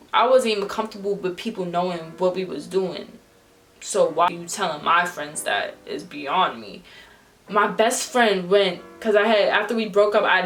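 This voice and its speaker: A young woman, casually telling a vlog storytime, acting out the people in it with slang and swearing. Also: medium pitch. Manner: animated, acts out quoted voices with slang and swearing. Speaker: vlogger.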